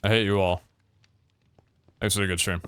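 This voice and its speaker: A man's voice: low-pitched, level tone, normal speed, fairly bright tone, clear, resonant tone. Tired young man streaming. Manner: rambling, swears casually, laughs often. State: tired, yawning. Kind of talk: casual stream chat.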